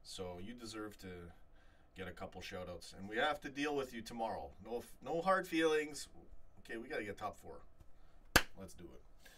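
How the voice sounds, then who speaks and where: A man hosting a live fan chat stream, reading out viewer comments in an animated, rambling way full of restarts. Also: fairly low pitch, normal speed, slightly rough, far from the mic. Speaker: fan channel host.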